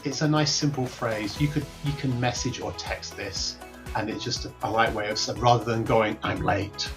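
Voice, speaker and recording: A man teaching workplace English, explaining each phrase clearly and repeating the examples slowly. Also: fairly low pitch, music in the background. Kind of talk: recorded English lesson.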